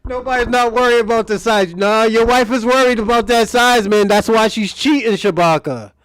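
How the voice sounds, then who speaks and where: A man's voice: very high-pitched, no room sound. A man hosting a live stream, telling crude stories in casual talk and laughing often.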